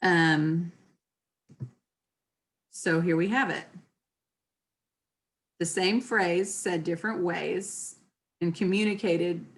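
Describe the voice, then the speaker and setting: A woman leading a class, teaching in a casual, chatty way and acting out sample phrases in different tones of voice. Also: lowish voice. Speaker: class leader. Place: class session with participants.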